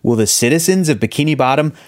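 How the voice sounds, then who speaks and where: A man hosting a podcast, his voice sitting a little high and sounding eager as he chats. He talks in a casual, friendly way, setting up topics and teasing out stories. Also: lively intonation, fast talker. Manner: enthusiastic and chatty. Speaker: podcast host. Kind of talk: casual chat.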